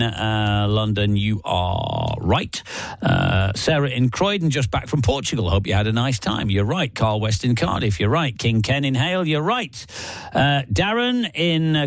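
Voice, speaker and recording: A man's voice: medium pitch, dry recording. A man with a Lancashire accent presenting a radio show, chatty and jokey as he reads out listeners' emails. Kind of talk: casual radio chat. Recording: dry studio sound with faint music.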